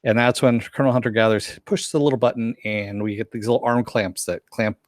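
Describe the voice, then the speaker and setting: A man's voice: medium pitch, fairly even intonation, fairly quick, no room sound, studio quality. A man casually recapping a cartoon episode with a co-host, now and then acting out the characters' lines.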